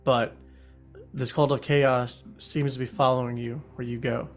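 Male podcast host, playful and halting, mid-pitched, plays an investigator character. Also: level tone, faint music behind. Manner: playful, hesitant restarts. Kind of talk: in-character tabletop play.

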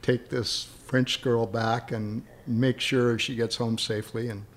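This man, a guest on an interview, speaks at a medium pitch in a level, unhurried tone. He tells long, rambling anecdotes and chuckles as the stories come back to him.

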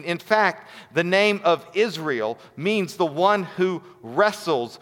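A man's voice: sits high, expressive, slow, few pauses, a bit bright. A man preaching a sermon in an earnest voice, building to rhetorical questions. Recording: long hall reverb.

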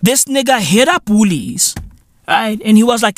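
A South African man hosting a podcast, ranting comically with profanity, repeating himself in loud disbelief. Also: sits high, expressive, normal speed. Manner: loud, incredulous, repeats himself, swears constantly. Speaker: podcast host. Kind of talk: profane comedic rant.

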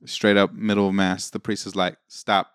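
Man, low voice, dry close mic, casual storyteller who acts out quotes. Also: level tone, fairly quick, a bit bright, clean tone, no room sound. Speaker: podcast guest. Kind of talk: casual chat.

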